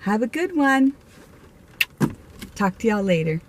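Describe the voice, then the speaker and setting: A woman's voice: mid-range voice, measured pace, noisy background. Chatty woman telling ghost stories. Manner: animated, laughs often, many fillers and restarts. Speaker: spiritual medium vlogger. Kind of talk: casual storytelling to camera.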